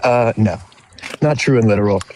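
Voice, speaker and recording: A man's voice: on the low side, moderate pace, a little mellow, a little hiss or hum. A man in his thirties calling in, who hedges and fills his answers with "like". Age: 30s. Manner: hedging, fills speech with "like". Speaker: caller. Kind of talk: casual call-in conversation.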